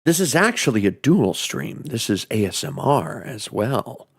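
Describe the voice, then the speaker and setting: A man's voice: medium pitch, sing-song, unhurried, gravelly, breathy edge. A man streaming a horror game, joking and swearing as he reads the game text aloud. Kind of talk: casual game commentary.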